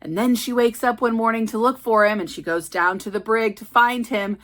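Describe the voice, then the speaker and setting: A woman vlogging about a novel at home, talking in a rambling, excitable way full of fillers and restarts. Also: a little high, moderate pace. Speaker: book vlogger. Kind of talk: casual chat. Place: at home with her cats.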